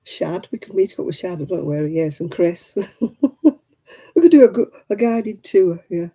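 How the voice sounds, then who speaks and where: Husky, dark-voiced woman. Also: fairly low pitch, moderate pace. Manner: chatty, rambling, laughs often. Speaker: craft live-stream host. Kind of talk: casual live-stream chat.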